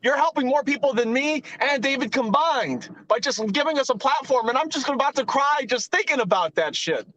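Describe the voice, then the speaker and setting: A man's voice: on the high side, expressive, fairly quick, a bit bright, lo-fi sound, a little hiss or hum. A man playing a brash defensive troll. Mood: gushing. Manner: defensive, rambling, swearing.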